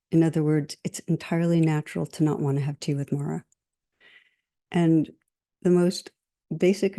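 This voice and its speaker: A middle-aged woman's voice, low-pitched and creaky, carries a meditation teacher's dharma talk. She tells stories and lists things slowly, her tone gentle and measured.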